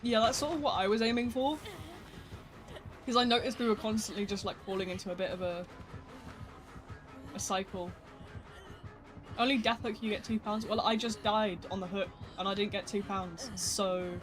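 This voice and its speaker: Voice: mid-range voice, fairly even intonation, normal speed, long pauses, over music. A game streamer, giving rambling, self-deprecating live commentary while playing and talking to the chat. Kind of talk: casual live gameplay commentary.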